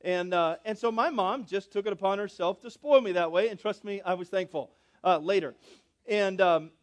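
Man, pastor, high-pitched, preaching a sermon, loud drawn-out emphasis, hushed asides, questions to the congregation. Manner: swings between loud emphatic lines and soft low asides, drawing out key words; asks the congregation questions and calls for responses.

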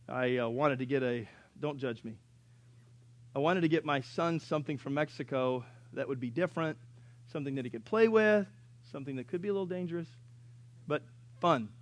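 A man in his thirties preaching a sermon, telling folksy stories with joking asides and rising to loud, emphatic preaching. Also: medium pitch, no room sound. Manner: swings from quiet storytelling to loud preaching. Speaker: pastor.

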